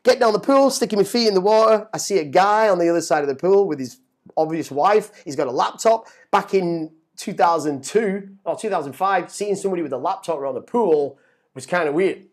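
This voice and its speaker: A middle-aged man telling a story as a guest, animated and swearing, often repeating words as he gets excited. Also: sits high, brisk. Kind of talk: casual storytelling.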